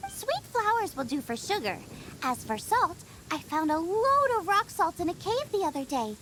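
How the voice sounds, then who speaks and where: A woman's voice: extremely high pitch, big pitch swings, normal speed, fairly bright tone, a little hiss or hum, heavily acted. A woman voicing a cheerful, food-obsessed young female chef who rambles enthusiastically about recipes in a video game. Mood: enthusiastic. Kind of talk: video game cutscene voice acting. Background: game music.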